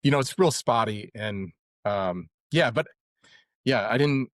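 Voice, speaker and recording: Young male guest, chatty storyteller, dry booth sound, average pitch. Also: a little slow, no room sound. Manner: rambling, animated retelling with many fillers. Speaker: podcast guest. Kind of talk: casual storytelling.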